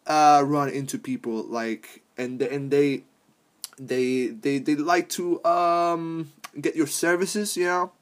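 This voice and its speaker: A man's voice: fairly high pitch, steady tone, slow. A young adult man hosting a podcast, rambling casually and swearing, laughing often between thoughts. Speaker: podcast host.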